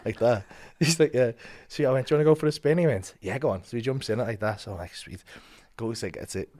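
Bloke telling a story on a podcast, swears loads, acts out the quotes, goes loud then quiet. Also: male voice, medium pitch, fast talker. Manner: swears a lot, acts out quotes with big swings in loudness. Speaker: comedian guest. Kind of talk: animated storytelling.

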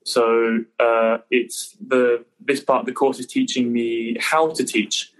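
English guy in his 20s, chill, kinda halting, repeats himself, mid pitch. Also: low-quality recording. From England. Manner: relaxed, hesitant, repeats words. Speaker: guest, conservatoire pianist. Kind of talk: casual interview chat.

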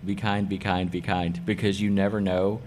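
At a moderate pace, a middle-aged man with a very deep voice talks about being a hairdresser and salon owner in a casual guest interview. He's excited and emphatic, repeats key phrases for effect, and has a faint background hum beneath him.

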